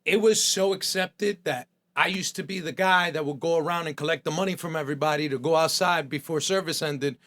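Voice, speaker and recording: A man's voice: on the high side, brisk, hardly any pauses, fairly bright tone. Blunt streetwise man telling stories. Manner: blunt, streetwise, acts out quoted voices. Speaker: podcast guest, chef. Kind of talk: candid storytelling with profanity.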